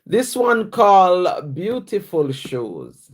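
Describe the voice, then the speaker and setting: A woman's voice: fairly low pitch, slow pace. A woman from Jamaica with a Jamaican accent, a writer reciting her own rhyming poems in a rhythmic patois cadence and chatting casually with viewers on a live stream. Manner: rhythmic rhyming recitation in patois, then relaxed chat with fillers. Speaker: writer and poet.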